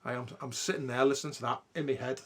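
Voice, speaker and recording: A man's voice: mid-range voice, steady tone, very fast. A man, hosting a podcast and telling a ghost story in a casual, sweary way. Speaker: podcast host.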